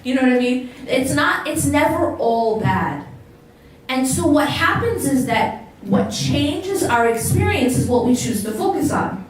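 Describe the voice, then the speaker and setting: A woman's voice: sits high, lively intonation, measured pace, slight background noise. American woman lecturing in an echoey hall. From United States. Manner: questions the audience, repeats words for emphasis. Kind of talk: motivational religious lecture to a live audience. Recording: very echoey hall, distant mic.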